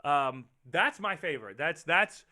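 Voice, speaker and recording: Lively bright-voiced rambling male host. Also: fairly high pitch, unhurried, no room sound, clean studio sound. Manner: rambling, animated, profane, reacting to chat. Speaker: show host. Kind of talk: casual livestream chat with viewers.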